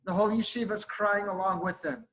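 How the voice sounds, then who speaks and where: A man's voice: sits high, fairly even intonation, a little fast, a bit bright, rough recording. A male rabbi giving a sermon, telling an emotive story and sprinkling in Hebrew and Yiddish terms.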